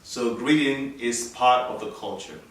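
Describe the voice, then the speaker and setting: A man's voice: mid-range voice, unhurried, a bit bright. A man from Nigeria, co-hosting a casual chat, explaining at length and laughing often. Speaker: co-host. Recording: echoey room, voice a bit far from the mic.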